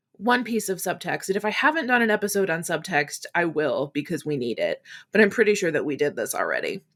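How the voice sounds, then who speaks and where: Bright-voiced woman hosting a frank podcast. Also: mid-range voice. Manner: frank and chatty, with casual swearing; acts out quoted voices in quick asides. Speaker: podcast host. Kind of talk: candid solo podcast monologue.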